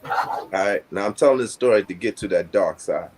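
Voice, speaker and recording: Older man, low voice, husky, rambling reflective storyteller, casual chat. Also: moderate pace, a little mellow. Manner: rambling, reflective, with many fillers. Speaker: guest.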